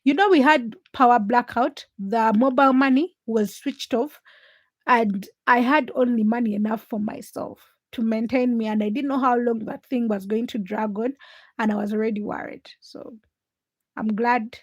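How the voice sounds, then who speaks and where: A woman from Uganda hosting a casual late-night livestream, telling stories in an animated way and reading viewer comments aloud. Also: fairly high pitch, normal speed, dry recording. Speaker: livestream host.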